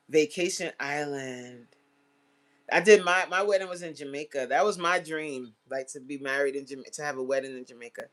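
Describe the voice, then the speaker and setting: A middle-aged woman hosting a casual livestream chat, chatty and animated, often laughing and teary-eyed. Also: fairly low pitch. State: tearing up. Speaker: livestream host.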